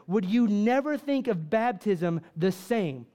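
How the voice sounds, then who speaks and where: High-voiced fervent male preacher. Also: lively intonation, slow pace, hardly any pauses, mellow. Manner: fervent preaching full of rhetorical questions. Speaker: pastor. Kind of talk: sermon. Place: church with congregation.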